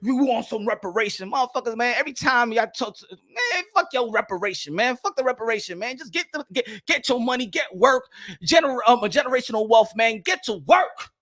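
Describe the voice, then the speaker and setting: A man's voice: very high voice, animated, fairly quick, sharp tone. A man, hosting a boxing show and ranting in a profane, slangy way that keeps repeating itself. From New York. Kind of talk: heated livestream rant.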